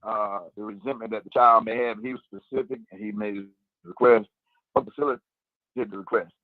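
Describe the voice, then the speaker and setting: A man's voice: on the low side, steady tone, a little fast, no room sound. Opinionated male caller over the phone. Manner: opinionated, emphatic. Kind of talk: casual call-in radio chat. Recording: phone line.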